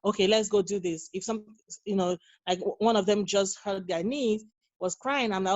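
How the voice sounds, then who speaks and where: A woman's voice: mid-range voice, moderate pace, no room sound, dull audio. A woman in her thirties, a guest on a podcast, talking earnestly and telling stories in a casual interview. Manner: earnest, storytelling, acts out quoted dialogue. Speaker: guest, nurse and mother.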